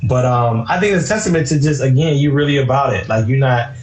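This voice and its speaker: A man's voice: mid-range voice, quick pace, reverberant, slight background noise, low-quality recording. Easygoing talkative male host. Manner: relaxed, talkative, lots of "you know" and "man". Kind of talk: casual live-stream interview.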